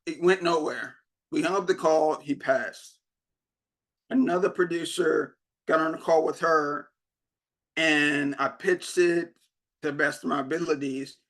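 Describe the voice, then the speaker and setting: A man's voice: a little high, a bit bright. A young man giving a motivational keynote, telling his story and acting out the dialogue. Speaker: keynote speaker.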